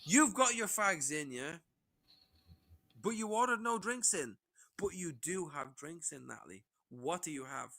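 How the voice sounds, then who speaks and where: A man in his forties chats loosely on a stream, full of swearing and pushy teasing. His voice sits high and sounds bright and edgy. He talks in a casual, rambling way. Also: expressive, a little slow, creaky, low-quality recording. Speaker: stream guest. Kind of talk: casual chat.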